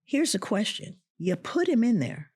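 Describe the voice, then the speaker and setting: A middle-aged woman, a professor and podcast guest, telling a personal story in an animated way and acting out the voices of the people in it. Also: a little high, moderate pace, slightly rough.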